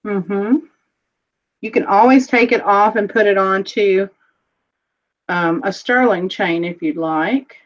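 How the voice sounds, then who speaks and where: A woman's voice: medium pitch, slow, pauses often, dull audio. A woman running a live jewelry sale, chatting casually and describing each piece in detail. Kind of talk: casual live-stream selling chat.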